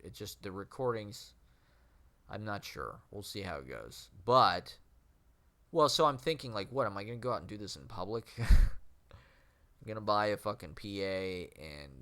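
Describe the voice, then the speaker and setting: A man with a fairly low, slightly nasal voice talks to his own camera in a loose, rambling monologue. He circles his thoughts with fillers and self-questions, laughing now and then as he goes. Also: very animated, measured pace, pauses often, bright, forceful tone. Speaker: vlogger and aspiring street poet.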